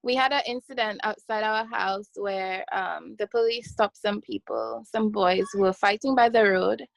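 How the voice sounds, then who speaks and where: Lively woman, dry close sound. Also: mid-range voice, moderate pace, gravelly, no room sound, rough recording. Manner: lively, laughs easily, many short affirmations. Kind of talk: casual podcast chat.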